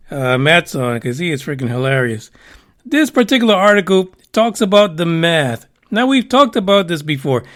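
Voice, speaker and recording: A man's voice: high-pitched, a bit bright. A man hosting a casual talk show, rambling with profane joking asides. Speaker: podcast host. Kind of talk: casual radio show chat.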